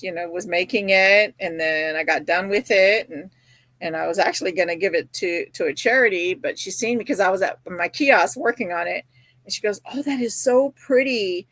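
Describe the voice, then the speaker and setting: Speaking in a lowish but fairly bright voice, this crochet streamer chats with her audience, reads their comments, and spins stories packed with fillers and voices of the people she quotes. The streaming-mic recording is dry.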